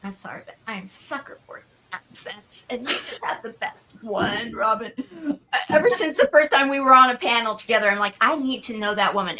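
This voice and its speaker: A woman's voice: a little high, bright, forceful tone, slight background noise. A woman hosting a live online party show over a video call, effusive and bubbly as she calls on each guest. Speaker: show host.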